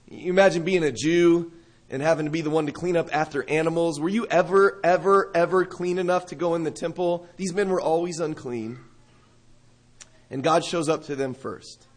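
A man preaching a sermon. He reads scripture aloud, explains it in a conversational way with rhetorical questions, and stresses key words. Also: fairly high pitch.

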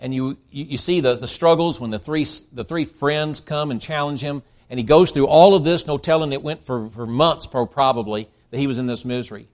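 A man preaching a sermon, emphatic and swinging between loud stresses and quiet drops, with frequent restarts. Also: mid-range voice, fairly quick, hardly any pauses. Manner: emphatic, rising and dropping in volume, with restarts.

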